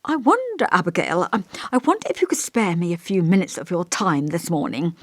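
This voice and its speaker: A woman reading an audiobook and voicing a kindly, hesitant male village vicar with a gentle, scholarly voice. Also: fairly low pitch, very animated, brisk, dry recording, studio quality. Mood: genial. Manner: kindly, hesitant, over-polite. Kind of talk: audiobook character voice.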